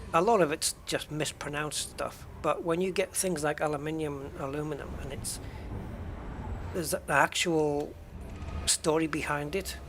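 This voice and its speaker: A man in his fifties from the UK, speaking with a British accent. He rambles in a relaxed, joking way while streaming a space game, and his voice sits a touch higher than most men's. A faint hum runs underneath. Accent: British English. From United Kingdom. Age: 50s. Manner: rambling, chatty, jokey asides. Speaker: gaming streamer. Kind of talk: casual chat while playing a space game.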